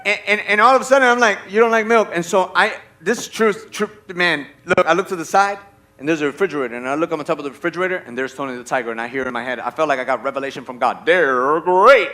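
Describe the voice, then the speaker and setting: A man preaching a sermon as a lively story, acting out voices and checking in with the audience. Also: on the high side, racing. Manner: animated, acts out voices in his stories.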